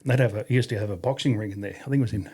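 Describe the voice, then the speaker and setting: An army veteran with an Australian accent tells stories casually as a podcast guest, in a lowish, mellow, slightly rough voice at rapid-fire speed. He swears freely and raises his voice to act out other people.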